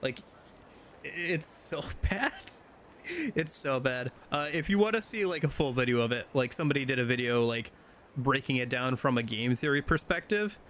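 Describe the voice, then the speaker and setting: A man's voice: medium pitch, moderate pace, fairly bright tone, a little hiss or hum. A man streaming a video game, chatting casually and rambling with lots of fillers and restarts. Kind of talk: casual gameplay chat.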